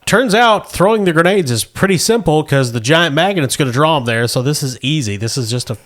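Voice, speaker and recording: A man's voice: fairly high pitch, animated, fairly quick, fairly bright tone. A man at the head of a tabletop game paints the scene with vivid detail. He slips small chuckles between lines as he narrates. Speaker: game master.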